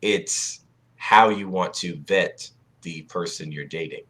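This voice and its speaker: A man co-hosting a casual podcast chat, animated and laughing, acting out little scenes. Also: sits low, slow pace. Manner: animated, acts out dialogue, laughs often. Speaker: podcast co-host.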